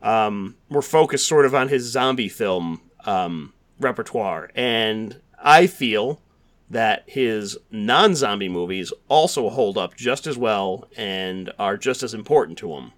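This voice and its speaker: A man's voice: fairly low pitch, expressive, takes it slowly, fairly bright tone. A man hosting a podcast, chatting casually with lots of fillers and restarts. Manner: rambling, filler-heavy, frequent restarts. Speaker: podcast host.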